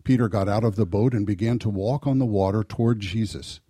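Man, husky low voice, very dark tone, solemn scripture reading. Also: a little fast, dry recording. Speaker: scripture reader. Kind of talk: Gospel reading.

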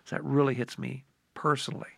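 A man tells a heartfelt personal story, his voice gravelly with a crackle of fry. He sounds earnest and sincere, and the sound is dry and close. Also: medium pitch, flat delivery, fast, a bit bright, no echo. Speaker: co-host sharing a reflection. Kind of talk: personal testimony.

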